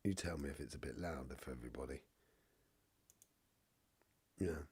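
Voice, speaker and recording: An extremely low, darkish, slightly rough male voice speaks at normal speed, with no room sound. The middle-aged man, a spiritual reader with a cough and a blocked nose, hosts a live stream, rambling casually through viewer comments and saying "you know" a lot.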